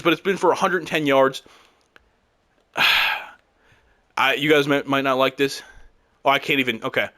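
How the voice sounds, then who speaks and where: A young man commentating his own football video game, frustrated and exasperated, breaking into loud outbursts. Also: on the high side. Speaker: gaming YouTuber. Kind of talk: live gameplay commentary.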